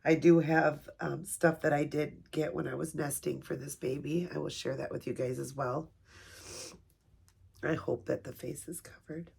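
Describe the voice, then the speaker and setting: A woman at home filming an unboxing video for her vlog, talking softly and gushing with emotion. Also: deep voice, fairly even intonation, moderate pace, vocal fry, slightly rough. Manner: gushing, soft-spoken, emotional. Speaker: vlogger. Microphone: camera set up nearby.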